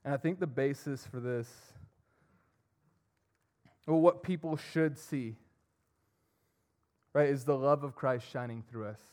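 A young man preaching a sermon, earnest, swinging between emphatic and soft. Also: mid-range voice, unhurried, pauses often. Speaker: pastor.

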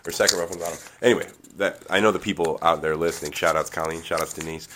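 A man's voice: low voice, fairly even intonation, racing, fairly bright tone, slight background noise. A man co-hosting a podcast in casual chat, rambling with frequent laughs and casual swearing. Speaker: podcast co-host.

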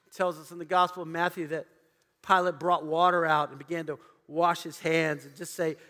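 A man's voice: high voice, steady tone, brisk, sharp tone, big-room sound. A man preaching a sermon in a church, dramatically acting out the voices of biblical figures. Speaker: pastor. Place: church auditorium.

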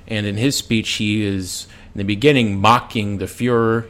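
A man's voice: lowish voice, steady tone, moderate pace, fairly bright tone, clear, resonant tone. A man in casual conversation recounting movie scenes in a plain, storytelling way. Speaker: film discussion co-host.

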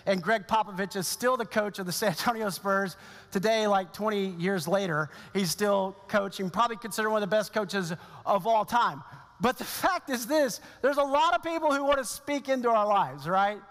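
High-voiced man preaching in a hall. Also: animated, normal speed, a bit bright. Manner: storytelling, conversational with laughs and asides. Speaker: pastor. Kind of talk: sermon.

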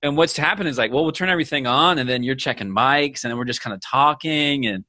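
A man hosting a casual podcast chat, talking in rambling runs with quick restarts. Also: mid-range voice, pushed and bright, no echo, clean studio sound.

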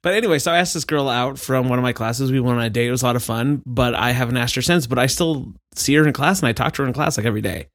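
A man's voice: medium pitch, racing, hardly any pauses, fairly bright tone, no echo, studio quality. A young man co-hosting a podcast, telling stories in a casual, teasing way. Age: young adult. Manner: teasing, joking storyteller. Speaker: podcast co-host. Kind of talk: casual chat.

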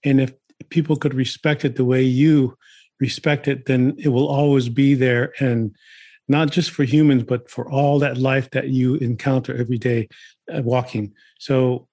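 A man hosting an interview in a reflective, measured way. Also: medium pitch, little pitch movement, dark tone, dry recording, clean studio sound. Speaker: host.

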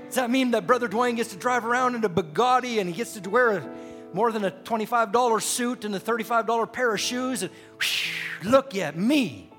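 High-pitched preacher guy shouting a sermon, big hall echo, faint music behind. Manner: shouting, rising to fervent preaching cadence.

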